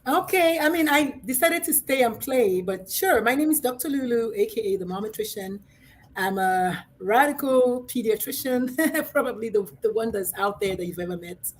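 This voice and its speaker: Brash, outspoken higher-voiced woman. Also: lively intonation, normal speed, slight background noise. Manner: brash, outspoken, swings between loud and soft. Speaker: guest, pediatrician and life coach. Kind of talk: casual livestream chat.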